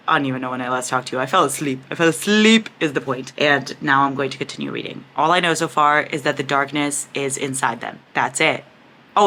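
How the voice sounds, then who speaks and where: A young woman with a lowish voice talks casually to her viewers about the book she is reading, gushing one moment and exasperated the next. She swears freely. A faint hiss of noise sits behind her at home. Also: a bit bright. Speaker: reading vlogger. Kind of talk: casual chat.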